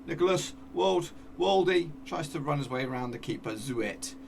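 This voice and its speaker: Man, gravelly voice, excitable game commentary, slightly distant mic, faint background noise. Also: on the high side, normal speed. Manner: excitable, cheers at goals, talks to his players. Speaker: gaming YouTuber. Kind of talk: live commentary over a football management game.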